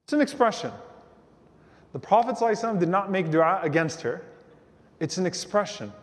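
A man's voice: sits high, fast. Man telling a story in a reverberant hall. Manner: animated storytelling, acts out quoted voices. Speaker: Islamic lecturer. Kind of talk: storytelling lecture.

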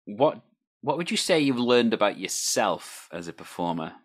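A man's voice: on the low side, big pitch swings, normal speed. A man hosting an interview, asking chatty, fluent questions about improv and character work. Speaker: interviewer, host. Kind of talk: casual interview.

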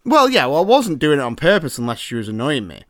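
A man hosts a podcast, chatting casually and joking at his own expense, restarting when nervous. His fairly high voice has huge pitch swings and he talks fast; the recording is dry and studio-clean.

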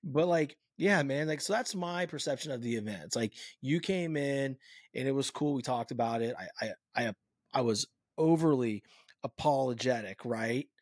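A man hosting a podcast, telling a story in casual chat, animated and swearing freely. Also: mid-range voice, normal speed, no echo, studio quality. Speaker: podcast host. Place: lives in Saint Louis.

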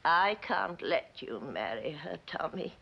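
A desperate, possessive old wife who was abandoned long ago. She speaks slowly and deliberately, in a vintage TV drama. The sound is dull and lo-fi, like an old television soundtrack. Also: lowish voice, very animated, vocal fry, very noisy, exaggerated voice. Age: older. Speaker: actress in a 1960 TV drama clip.

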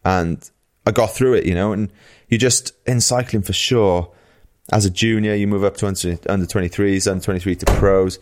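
Man, pro cyclist, casual podcast chat, laid-back, lots of fillers, lowish voice. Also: steady tone, a little fast, darkish tone. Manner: laid-back, chatty, heavy use of fillers like "like" and "you know".

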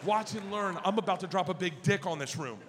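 A man doing crude, animated stand-up storytelling on a theater stage into a handheld mic, with an audience present. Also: high-pitched, brisk, noisy background. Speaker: stand-up comedian. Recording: live theater hall with audience.

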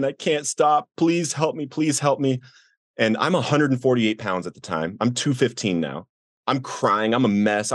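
A middle-aged man earnestly telling his personal recovery story as a podcast guest, voicing the people in it with raised pitch. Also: no echo, clean studio sound. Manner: earnest, acts out quoted voices with rising pitch.

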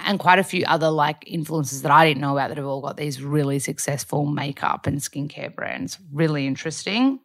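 A young woman chatting casually to camera, rambling with lots of fillers. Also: low-pitched. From Australia. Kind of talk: casual chat.

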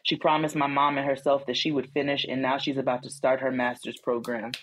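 A woman co-hosting a casual podcast, reading listener letters aloud with lively asides and laughter. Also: very deep voice, brisk, slight background noise. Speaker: podcast co-host.

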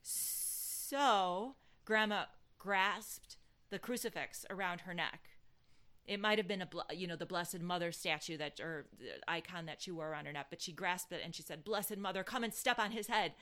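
A woman's voice: fairly low pitch, moderate pace. A woman co-hosting a podcast, telling a family story in casual chat with lots of restarts. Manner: animated storyteller, many restarts and fillers. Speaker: podcast co-host.

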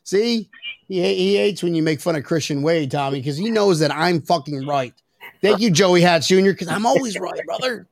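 A brash man hosting a podcast, his voice pitched high with a gravelly, fried edge. He jokes loudly and swears freely among friends. The sound is dry and close. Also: animated, moderate pace, no echo. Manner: brash, profane, loud and joking. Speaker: podcast host. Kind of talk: casual chat.

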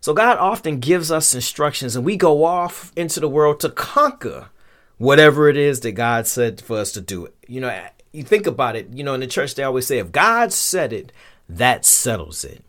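A man's voice: mid-range voice, normal speed, a bit bright. A man hosting a show, giving a casual, conversational Bible lesson in colloquial slang and acting out quotes. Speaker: podcast host and Bible teacher.

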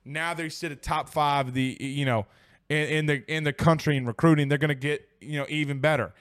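A man's voice: fairly high pitch, fairly even intonation, fairly quick, fairly bright tone, clean tone, no echo, clean studio sound. A man hosting a casual sports talk show from home, chatty and rambling, with many restarts and fillers. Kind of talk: casual live-stream chat.

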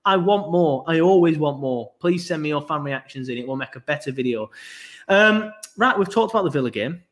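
A man's voice: on the high side, expressive, a little fast, fairly bright tone. A man hosting a casual football podcast, rambling with asides. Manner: rambling, full of ums and asides. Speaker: podcast host.

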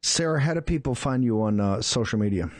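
A man hosting a political talk show, speaking in a forceful, indignant way with quick asides. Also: medium pitch, expressive, dry recording, studio quality. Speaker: host.

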